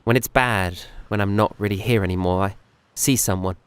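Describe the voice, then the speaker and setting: Guy voicing a shaky young dude admitting he's scared, hesitant and earnest, lowish voice. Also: smooth, no echo, close to an everyday voice. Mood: uneasy confiding. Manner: hesitant, halting, quietly earnest. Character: troubled young man confiding a fear.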